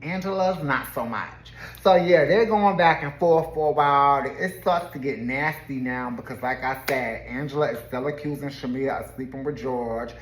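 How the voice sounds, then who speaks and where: A woman's voice: extremely low pitch, normal speed, few pauses. A woman giving a casual, gossipy recap of a reality TV episode, chatty and laughing often. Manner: chatty and laughing, often slips into quoted voices. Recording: roomy echo.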